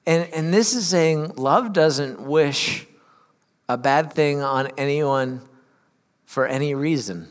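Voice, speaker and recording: A man with a somewhat high voice delivers a sermon, moving between reading passages aloud and candid asides to the congregation. His tone stays conversational rather than formal. The sound rings with a long hall reverb. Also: slow pace. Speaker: pastor.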